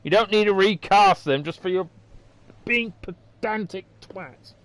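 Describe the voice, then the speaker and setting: Slow-talking English streamer, swearing. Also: male voice, high-pitched, a bit bright, dry recording. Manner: ranting, swearing freely. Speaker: game streamer. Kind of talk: casual livestream commentary.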